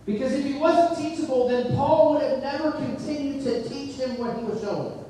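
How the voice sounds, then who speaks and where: A middle-aged male preacher with a fairly high voice, speaking to a congregation in a relaxed storytelling way. He is picked up from a distance, so his words ring through a large, echoing hall with a long tail of reverb. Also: moderate pace, a little hiss or hum. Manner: conversational storytelling, rising emphasis on key points. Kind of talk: sermon with a personal story. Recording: echoey hall, distant mic.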